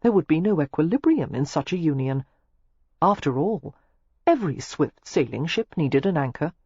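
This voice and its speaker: An audiobook narrator reading a novel in a measured storytelling manner, with a husky voice. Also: medium pitch, expressive, darkish tone, dry recording, highs cut off. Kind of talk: scripted narration.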